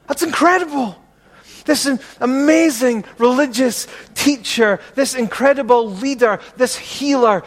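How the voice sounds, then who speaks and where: High-voiced preacher in an echoing hall. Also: male voice. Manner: earnest, repetitive preaching with rhetorical questions. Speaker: pastor. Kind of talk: sermon.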